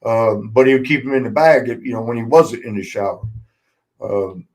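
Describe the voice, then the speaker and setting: A man in a casual podcast chat, spinning old stories with frequent laughter and plenty of swearing. His pitch sits in an ordinary middle range, and he slips into the voices of the people he quotes. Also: normal speed, a little mellow, low-quality recording. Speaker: podcast host, former wrestler.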